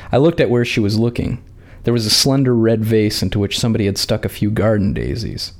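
A man calmly reading a short story aloud in a measured narrating voice. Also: fairly low pitch.

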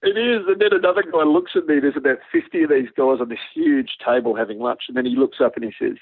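An Australian man, a former Army pilot, telling stories in an interview, relaxed and self-deprecating, laughing as he goes. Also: mid-range voice, fast, hardly any pauses, breathy edge, dry recording. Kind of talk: anecdotal interview storytelling. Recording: dry, phone-like lo-fi line.

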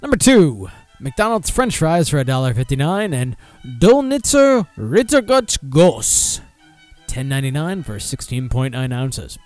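In an unhurried, mid-range voice over faint music, a male podcast host chats casually and reads out food and beer pairings. He swears plenty, stays animated, and breaks off to comment.

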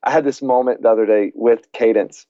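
A man's voice: medium pitch, fairly even intonation, brisk, mellow, dry recording, muffled recording. A man in his late thirties, talking earnestly in a casual faith conversation and telling family stories, often restarting his sentences. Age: late 30s. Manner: earnest, repeats words when starting sentences.

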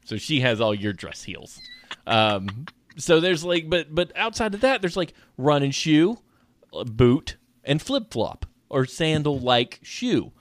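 A man's voice: fairly high pitch, very animated, takes it slowly. A young man, co-hosting a podcast in casual chat, rambling and joking as he tells stories. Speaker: podcast co-host.

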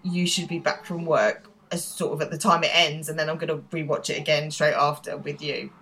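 A woman's voice: low-pitched, level tone, fairly quick, a bit bright, poor audio. A married woman co-hosting a podcast, chatting casually and animatedly, laughing and swearing now and then. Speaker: podcast co-host. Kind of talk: casual chat.

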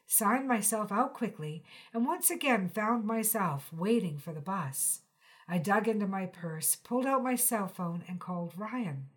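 A woman reading a short story aloud, voicing the narrator in first person. Her pace stays measured and her pitch sits in a plain middle range. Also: fairly bright tone. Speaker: reader.

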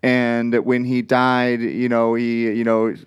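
A man's voice: medium pitch, monotone, slow pace, smooth. A man in a casual chat, rambling and speculating with plenty of restarts.

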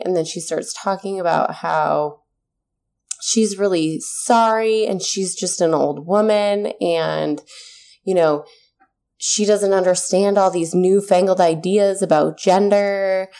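A woman's voice: mid-range voice, slow, warm tone. A woman, a mother in her thirties, earnestly telling a personal story in a casual chat, swearing now and then when heated.

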